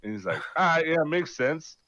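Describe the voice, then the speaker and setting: A man's voice: a little high, fairly quick, no echo, dull audio. A man in casual voice chat swearing freely as he tells a mission story, acting out what everyone said. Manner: animated, swearing, acting out his own lines. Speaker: gamer telling a mission story.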